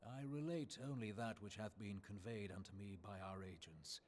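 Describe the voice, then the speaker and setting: A man's voice: on the low side, normal speed, darkish tone, a little hiss or hum, close to an everyday voice. Man voicing a formal, archaic-speaking messenger. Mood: grave. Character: formal male messenger with old-fashioned speech. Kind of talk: game cutscene voice acting.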